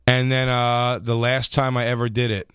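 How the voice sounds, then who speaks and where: A man who is a comedian, telling profane, animated stories as a radio studio guest. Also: mid-range voice, normal speed, clear, resonant tone, dry recording. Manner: profane, animated anecdotes with laughs. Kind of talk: radio interview storytelling. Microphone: studio microphone.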